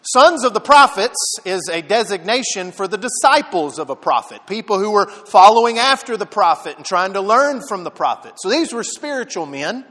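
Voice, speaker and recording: A man preaching a sermon, telling the story with lively dramatic emphasis. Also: high voice, normal speed, few pauses, long reverb tail. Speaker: pastor.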